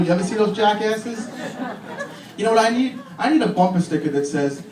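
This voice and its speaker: Stand-up comic in an echoey club. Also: male voice, sits high, expressive, fast, a little mellow, far from the mic. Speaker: stand-up comedian. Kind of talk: stand-up comedy set. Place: comedy club. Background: audience laughter and room noise.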